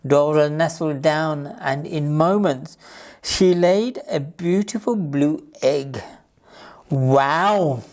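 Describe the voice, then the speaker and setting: A woman reading a picture book aloud to children as a library storyteller, in a slow, gentle, clear manner. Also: low voice.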